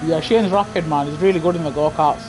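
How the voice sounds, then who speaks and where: This streamer talks fast in a fairly high voice, chatting casually over live racing gameplay at his home setup. His gaming headset picks up faint game noise too, and his frequent "man"s get interrupted by coughing fits from a dry throat.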